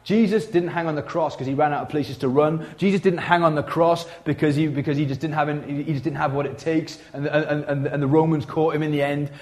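A man preaching a sermon in a church, conversational and animated, swinging from loud to hushed. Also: a little high, brisk, few pauses. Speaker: pastor.

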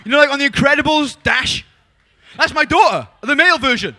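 High bright-voiced Welsh preacher. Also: male voice, a little fast. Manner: energetic and joking, swinging from loud calls to soft confiding. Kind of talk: lively evangelistic sermon.

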